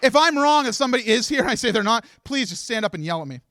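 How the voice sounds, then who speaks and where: A man's voice: extremely high pitch, very animated, rapid-fire, bright, forceful tone. A man hosting a live charity event, nervously rambling and laughing as he hands out awards, with faint music behind him. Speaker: host handing out awards. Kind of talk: emotional live event speech. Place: live stream event room.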